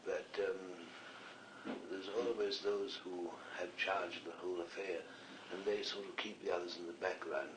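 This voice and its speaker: A man's voice: sits low, fairly even intonation, measured pace. A man with a slight Scottish accent speaking as a spirit communicator at a séance, earnest and rambling. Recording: echoey, distant old archive recording with faint hiss.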